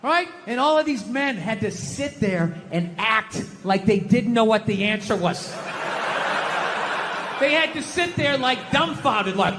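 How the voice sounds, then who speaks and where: A man doing a stand-up comedy routine, ranting and sarcastic, swearing and shouting his punchlines on a live stage. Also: extremely high pitch, lively intonation, moderate pace, noisy background.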